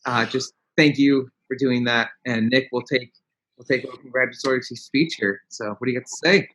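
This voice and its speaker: A man's voice: medium pitch, fairly even intonation, fairly bright tone, slight background noise, low-quality recording. Earnest man hosting an online show. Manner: earnest, halting, restarts phrases. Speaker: show host.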